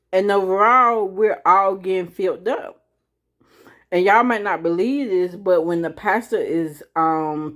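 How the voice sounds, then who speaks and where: A woman giving an informal Bible teaching to camera. She talks conversationally, keeps checking in with "right?", and reads scripture slowly and deliberately. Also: medium pitch.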